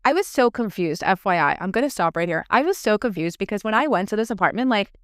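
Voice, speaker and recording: A woman's voice: mid-range voice, animated, fast talker, a bit bright, no echo, clean studio sound. A woman hosting a podcast, telling a personal story in a chatty, casual way, swearing freely and filling with "like". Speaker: podcast host.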